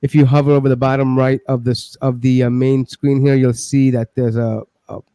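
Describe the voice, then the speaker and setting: Measured, mellow male moderator. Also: medium pitch, flat delivery, clear, resonant tone, dry recording. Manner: measured, hesitant with fillers. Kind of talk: moderating a debate.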